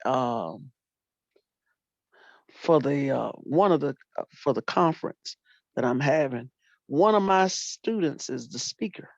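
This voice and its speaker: Older lady telling animated school stories, gravelly voice, dull dry lo-fi sound. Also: a bass voice, slow pace, pauses often, no echo. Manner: animated storyteller, acts out quotes, folksy Southern phrasing. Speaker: retired teacher and librarian. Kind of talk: storytelling in casual talk.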